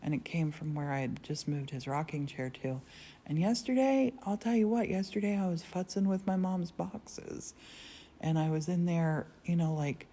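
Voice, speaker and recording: A woman hosting a casual live stream, telling rambling stories with frequent laughs from a quiet converted church studio. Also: low-pitched, animated, moderate pace. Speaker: livestream host. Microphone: phone livestream.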